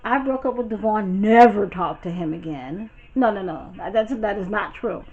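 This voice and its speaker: A woman from Brooklyn, telling a story to her viewers in a chatty, animated and profane way. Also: mid-range voice, moderate pace, dull audio. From Brooklyn, New York. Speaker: storytime vlogger. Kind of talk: casual storytelling.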